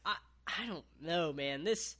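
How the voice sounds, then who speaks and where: A man's voice: fairly high pitch, animated, unhurried, bright, forceful tone. A man casually recapping a wrestling match on a podcast, laid-back, with lots of ums and casual swearing.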